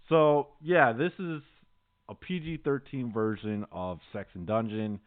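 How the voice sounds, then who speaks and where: A man's voice: mid-range voice, measured pace. Laid-back rambling man, tinny audio. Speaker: podcast co-host. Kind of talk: casual chat.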